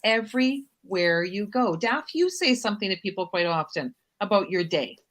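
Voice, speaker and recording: A woman's voice: mid-range voice, lively intonation, normal speed, fairly bright tone. A woman hosting a casual chat show, talking in an upbeat, motivational way. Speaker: host.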